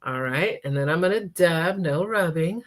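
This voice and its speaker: Woman with a lowish voice walking folks through makeup, chatty, keeps saying okay. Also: expressive, moderate pace. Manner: chatty, checks in with frequent "okay?". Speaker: makeup demonstrator. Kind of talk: live makeup tutorial.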